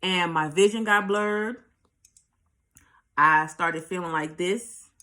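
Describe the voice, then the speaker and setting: A woman's voice: fairly low pitch, slow pace, sharp tone. New woman doing a storytime vlog, cusses a lot, talks right to the viewers. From New York. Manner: candid, profane, talks straight to viewers. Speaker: vlogger. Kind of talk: storytime monologue.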